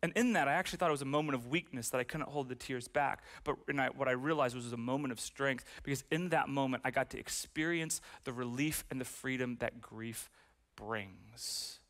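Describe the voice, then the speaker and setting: Preaching a sermon from a church stage before an audience, this pastor in his twenties has a mid-range voice. He tells personal stories with animation, then grows soft and slow when the subject turns to grief.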